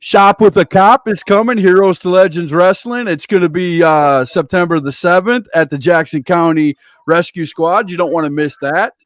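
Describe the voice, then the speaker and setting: A man's voice: high-pitched, normal speed, hardly any pauses, dry recording. A man hosting a casual interview, reeling off upcoming events with enthusiastic, catchphrase-heavy promo patter. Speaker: interview show host.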